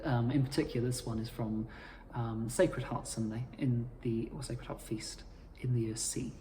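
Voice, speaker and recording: A man explaining how to cantor psalms in a measured, formal instructional talk. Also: mid-range voice, fairly even intonation, dark tone, in a large hall, slight background noise. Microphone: playing his own accompaniment.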